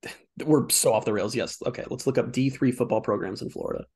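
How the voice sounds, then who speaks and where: A man's voice: medium pitch, quick pace, a little mellow, breathy edge. A young man co-hosting a sports podcast, chatting casually with lots of fillers. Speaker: podcast co-host.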